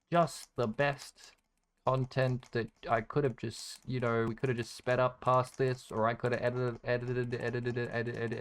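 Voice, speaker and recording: A man talks over his gameplay in a loose, rambling way, peppering it with swearing and dry sarcasm aimed at himself. His voice is smooth and resonant, sitting at an ordinary male pitch. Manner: rambling, profane, sarcastically self-deprecating. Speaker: gaming content creator. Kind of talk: casual gameplay commentary.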